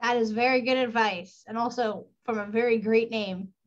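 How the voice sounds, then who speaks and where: A woman hosting a storytime stream, chatting casually and announcing upcoming dates with fillers and quick self-corrections. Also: on the high side, steady tone. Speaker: storytime host. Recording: dull lo-fi online stream audio.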